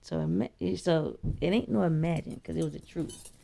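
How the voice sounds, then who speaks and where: A woman telling a spiritual story in a blunt, profane, chatty way, her voice leaping high when she quotes herself. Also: normal speed, creaky, warm tone. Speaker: vlogger. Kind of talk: casual spiritual storytelling monologue.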